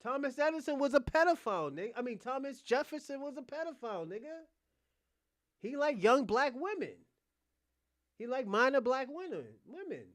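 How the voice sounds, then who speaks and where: A man's voice: extremely high pitch, very animated, normal speed, dry recording. Heated profane man ranting, dry sound. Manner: profane, combative, repetitive; swings between loud outbursts and muttered asides. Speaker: podcast host. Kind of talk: heated livestream rant.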